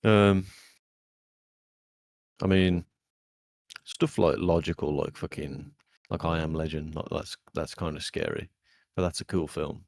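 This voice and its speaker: A young man with a very low voice, co-hosting a podcast in loose, sweary chat. He tells his stories with animated energy, and his voice sounds close and dry with little room sound. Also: unhurried, creaky, long pauses, no room sound. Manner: swears a lot, animated storytelling. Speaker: podcast co-host. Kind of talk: casual chat.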